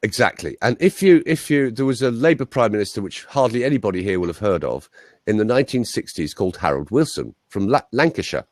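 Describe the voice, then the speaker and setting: A man's voice: on the low side, expressive, fast, a little mellow, no echo, studio quality. A man, a voice coach telling chatty anecdotes as an interview guest. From England. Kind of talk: interview guest, conversational storytelling.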